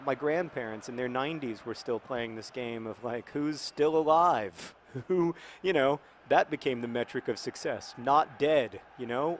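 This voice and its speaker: A man's voice: medium pitch, a little hiss or hum. A man hosting a casual chat over a football video game, thoughtful and rambling with many fillers and restarts. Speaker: host.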